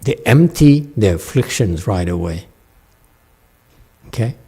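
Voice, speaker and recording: Slow, mellow-voiced man teaching meditation. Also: on the low side, animated, slightly rough. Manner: laughs often, keeps checking with "okay?". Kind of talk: dharma talk answering questions.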